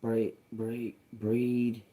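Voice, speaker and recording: A man doing a tarot reading, slowly sounding out words and phrases and repeating them as he tries to make sense of the messages. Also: mid-range voice, monotone, warm tone. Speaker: tarot reader. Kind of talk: slow channeled reading.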